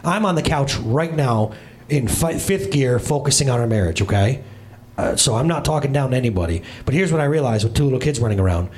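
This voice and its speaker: On a church stage, a male pastor in his thirties delivers a sermon with humor, bringing stories to life through comic voices and quick asides. His pitch is medium.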